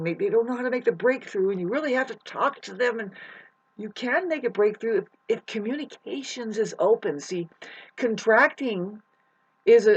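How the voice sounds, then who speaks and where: A voice at a middle pitch rambles through a spiritual monologue, restarting and correcting itself as it preaches. The recording sounds dull and lo-fi. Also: fairly bright tone. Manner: wandering, self-correcting, preachy.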